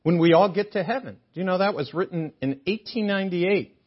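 A man's voice: sits high, brisk, husky, dull audio. An older man preaching a sermon in a chapel, joking with the congregation. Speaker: guest preacher. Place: chapel sanctuary.

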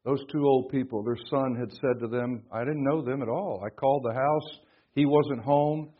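Male preacher, husky, dramatic dynamic swings, muffled recording. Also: steady tone, moderate pace. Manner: dramatic swings from hushed to booming emphasis. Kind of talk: sermon. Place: conference hall.

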